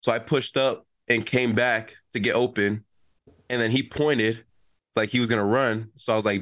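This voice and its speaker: Young male athlete, relaxed storyteller, voices the quotes, dry room. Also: mid-range voice, normal speed, no echo. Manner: animated storytelling, acts out quotes. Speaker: college football player. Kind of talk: casual chat.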